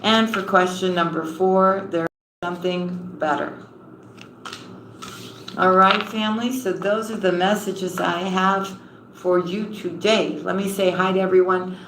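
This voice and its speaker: A woman reading tarot on a live stream and warmly greeting viewers, calling them honey and sweetheart. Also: on the low side, a little hiss or hum. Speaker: tarot reader. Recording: roomy echo with faint ambience.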